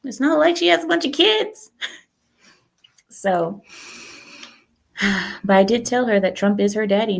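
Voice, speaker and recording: A woman hosting a casual livestream, chatting to her viewers and acting out what others said. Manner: chatty, talks to viewers, acts out quotes with lively pitch. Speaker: livestream host.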